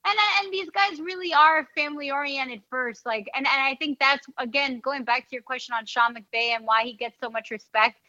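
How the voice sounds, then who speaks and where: A woman's voice: high voice, moderate pace, few pauses, bright, forceful tone, dry recording. A young woman with a Bronx New York accent, chatting casually in an interview, full of fillers like "like" and "you know". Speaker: NFL team reporter and podcast host. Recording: dull, dry, slightly lo-fi sound.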